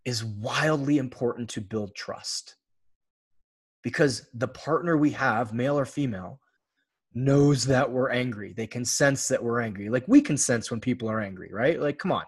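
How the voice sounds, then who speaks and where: Husky man coaching his listeners. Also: mid-range voice. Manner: earnest, coaching, addresses listeners as guys, swears casually. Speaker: podcast host. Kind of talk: solo podcast monologue.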